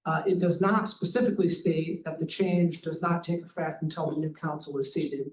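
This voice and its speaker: A man delivers formal public comment to a council, his voice slightly high and his wording careful and precise. The recording picks him up from a distance in a roomy, echoing hall, with a faint hiss underneath. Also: a little mellow. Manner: measured, precise, reads statute text aloud. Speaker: advocacy director giving public comment. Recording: echoey, distant hall audio with faint noise.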